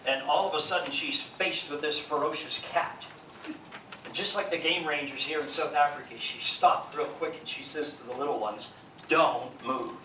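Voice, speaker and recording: A man's voice: a little high, fairly even intonation, normal speed, sharp tone. An older man with a Canadian accent gives a humorous motivational talk at a seminar, working the crowd with jokes and stories. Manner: jokey storyteller playing to the crowd. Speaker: seminar speaker. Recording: echoey hall from far off with noise.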